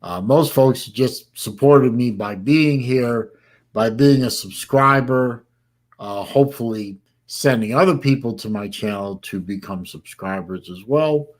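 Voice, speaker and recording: Unhurried and mid-range in pitch, an older Florida man chats casually while hosting a livestream. He sounds sleepy and yawns, rambling with lots of filler words.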